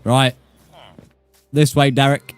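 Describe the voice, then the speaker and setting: A man's voice: mid-range voice, slow pace, faint music behind. Foul-mouthed British man streaming a game. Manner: profane, excitable, mock-outraged. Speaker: gaming streamer. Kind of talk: live gameplay commentary.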